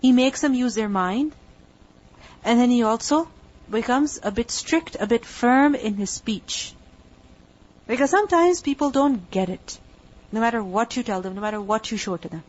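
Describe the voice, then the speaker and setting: A fairly high-voiced woman gives a religious lecture, working through each point patiently and posing rhetorical questions before answering them herself. The recording is dull and lo-fi, with the top end muffled. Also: moderate pace, a little mellow. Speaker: Quran teacher.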